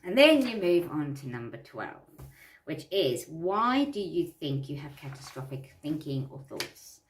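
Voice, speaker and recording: A woman's voice: low-pitched, sing-song, a little slow, distant mic, slight background noise. Earnest woman coaching, echoey room. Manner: earnest, repeats phrases for emphasis. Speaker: self-help coach. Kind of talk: talking through a worksheet.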